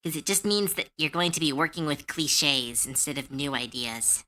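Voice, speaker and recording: A woman streaming live, chatting casually, animated and opinionated, with lots of filler words and swearing. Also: low-pitched, normal speed. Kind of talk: casual livestream chat.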